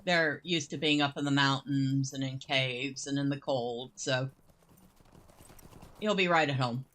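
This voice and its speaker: Slow-talking woman narrating her gameplay. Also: a bass voice, a bit bright. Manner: chatty and unhurried, muses aloud, laughs easily. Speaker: gameplay host. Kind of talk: casual gameplay commentary.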